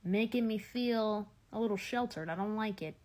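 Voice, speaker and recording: A woman's voice: medium pitch, moderate pace, darkish tone. A young adult woman delivering rambling, exasperated comedic rants straight to camera, full of "like" and restarts. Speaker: comedy video creator.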